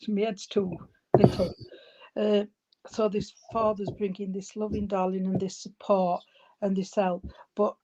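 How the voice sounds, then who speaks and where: A woman working as a spiritualist medium at a church service, relaying messages in a halting way and often calling the listener darling or sweetheart. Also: medium pitch, little pitch movement, highs cut off. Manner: halting, with many fillers and restarts. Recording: loud background noise with clicks.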